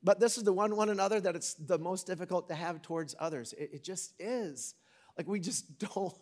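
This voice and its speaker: A middle-aged preacher with a drawl and a notably high-pitched voice. He keeps his sermon casual and jokey, then suddenly swings into loud bursts before dropping back down. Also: normal speed. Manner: conversational and joking, with big dynamic swings. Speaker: pastor.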